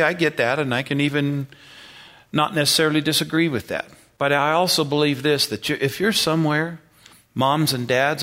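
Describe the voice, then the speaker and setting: A man's voice: on the high side, fairly bright tone. A man who is a senior pastor preaching a sermon in a conversational way, often repeating himself and checking in with the congregation.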